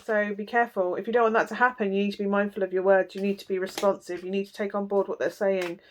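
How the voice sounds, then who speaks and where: A woman's voice: mid-range voice, little pitch movement, fast, a little hiss or hum. A woman in a mid-range voice gives a casual tarot reading straight to her viewers. She talks bluntly and chattily, full of fillers and asides. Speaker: tarot reader.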